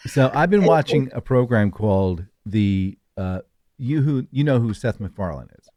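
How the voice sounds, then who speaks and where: A man's voice: mid-range voice, expressive, moderate pace, dark tone, no room sound, studio quality. A man co-hosting a podcast, telling rambling stories with a lot of hesitation in casual chat. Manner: rambling storyteller, many fillers and restarts. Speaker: podcast co-host.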